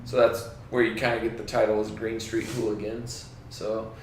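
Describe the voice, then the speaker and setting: Male podcast co-host, mid pitch, playful and jokey, echoey room sound. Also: level tone, normal speed, slight background noise. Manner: laughs often, playful banter. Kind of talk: casual podcast chat.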